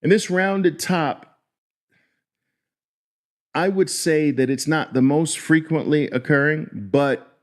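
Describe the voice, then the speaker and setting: A middle-aged man teaching chart patterns on a livestream, talking deliberately and often repeating words as he draws. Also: on the high side. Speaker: trading instructor.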